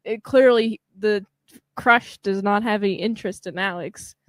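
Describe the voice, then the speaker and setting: A woman co-hosting a podcast, chatting casually about a film and acting out the characters' lines in quick voices. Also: medium pitch, no echo. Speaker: podcast co-host. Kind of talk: casual chat recapping a film.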